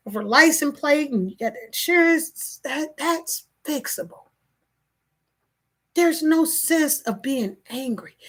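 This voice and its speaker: A woman in her thirties venting emotionally in a personal vlog, tearful and repeating herself as she talks. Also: high-pitched. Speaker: vlogger.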